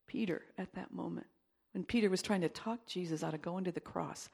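A woman pastor preaching a sermon and leading prayer, emphatic, dropping to whispers and rising to loud exclaiming. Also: mid-range voice, lively intonation, normal speed, gravelly, slightly rough.

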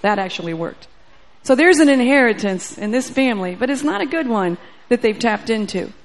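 A woman's voice: on the high side, expressive, brisk. A woman preacher telling a testimony in a sermon, acting out the dialogue and growing fervent. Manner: storytelling, acts out dialogue, grows fervent.

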